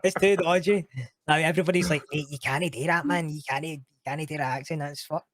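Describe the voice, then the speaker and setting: A man's voice: a little high, steady tone, fast, a bit bright, dry recording, clean studio sound. A Scottish man chatting casually as a podcast guest, slangy and laughing often, swearing freely. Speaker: podcast guest, roleplay streamer. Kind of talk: casual chat.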